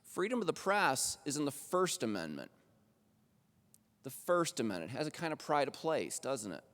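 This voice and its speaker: A man's voice: medium pitch, sing-song, moderate pace, a bit bright. A man, a college journalism professor, lecturing at a faculty roundtable in a conversational way and often checking in with the audience. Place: college auditorium stage. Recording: long hall reverb.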